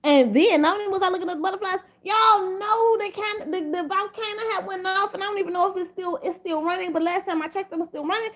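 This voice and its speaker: A woman's voice: very high-pitched, quick pace, few pauses, fairly bright tone. A woman giving casual drama commentary to camera, rambling and profane, with many repeated restarts. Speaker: commentary vlogger.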